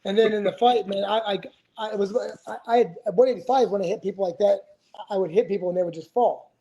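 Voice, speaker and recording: Man, forties, high voice, rambling, profane, podcast guest storytelling. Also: fast, mellow, dull audio. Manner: profane, rambling, many restarts. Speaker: guest, retired fighter. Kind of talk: casual storytelling interview.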